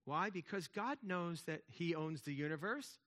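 A man's voice: on the high side, animated, normal speed, fairly bright tone. A man preaching a sermon in a conversational way, with emphatic swells and frequent restarts. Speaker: pastor.

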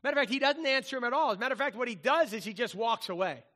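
A middle-aged man preaching a sermon as a pastor, conversational and animated, often acting out quoted voices. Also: very high-pitched, rapid-fire.

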